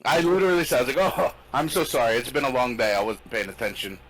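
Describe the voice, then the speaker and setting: A man chatting casually as a podcast co-host, joking and swearing through lively stories. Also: mid-range voice, quick pace, slight background noise, rough recording. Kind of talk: casual chat.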